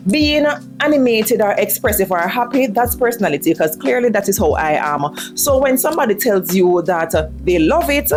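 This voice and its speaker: Woman reacting to clips, super expressive voice, music playing. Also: mid-range voice. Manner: animated, emphatic. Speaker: reaction video host. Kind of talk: commentary on clips. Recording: music bed underneath.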